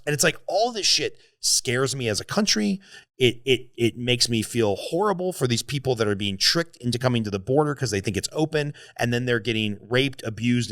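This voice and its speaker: A man's voice: mid-range voice, a bit bright, dry recording. Intense, swearing man telling a story. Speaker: podcast host. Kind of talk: casual podcast conversation.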